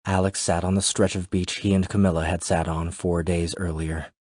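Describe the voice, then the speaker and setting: Deep-voiced male thriller narrator. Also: little pitch movement, normal speed, a little mellow, no echo, clean studio sound. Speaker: audiobook narrator.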